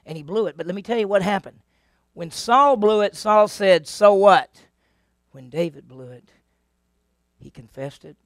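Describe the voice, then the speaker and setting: A man with a drawl teaches a Bible class, retelling the old stories with lively energy and tossing questions to his listeners. His voice sits a touch high and carries a gravelly edge. The recording is dry and close. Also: normal speed, no room sound. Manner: animated storyteller, asks the class questions, acts out voices.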